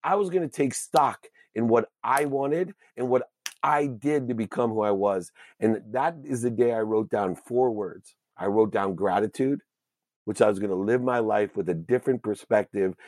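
A man telling a personal story as an interview guest, earnest and emotional, with halting restarts. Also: fairly low pitch, darkish tone, no echo, clean studio sound.

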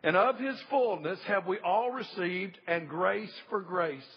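High, very husky male pastor, emphatic and repetitive, muffled lo-fi church tape. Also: measured pace. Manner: emphatic, repeats key phrases, calls for amens. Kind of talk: sermon. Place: church service.

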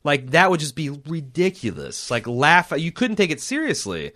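A man's voice: fairly high pitch, very animated, moderate pace, pushed and bright. A man co-hosting a podcast, chatting casually and opinionated, often trailing off and restarting his sentences. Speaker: podcast co-host. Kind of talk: casual chat.

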